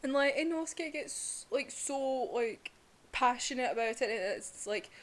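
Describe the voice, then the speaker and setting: A woman's voice: a little high, animated, unhurried. A young woman giving a casual, emotional review of a manga, chatty, full of "like" and the odd swear word.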